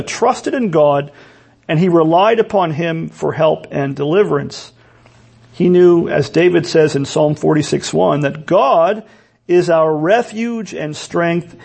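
A man with a high voice that has a gravelly edge preaches a sermon. His tone is husky rather than clean. He asks rhetorical questions and often stumbles back over his words as he restarts a thought. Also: a little mellow.

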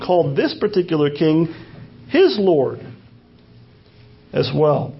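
Speaking a little slowly, a man with an animated, creaky voice on the high side preaches as pastor. He teaches through a passage with repeated phrases and rhetorical questions, recorded in dull lo-fi quality.

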